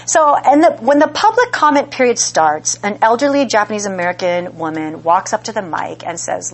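A woman's voice: medium pitch, animated, normal speed, hardly any pauses, a little hiss or hum. A woman giving an academic lecture in a conversational way, often checking in with the listeners. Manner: conversational, frequent "right?" check-ins.

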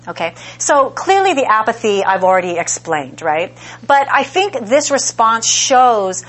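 A woman's voice: mid-range voice, big pitch swings, normal speed, a bit bright. Woman lecturing with constant "right?" check-ins. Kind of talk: academic lecture.

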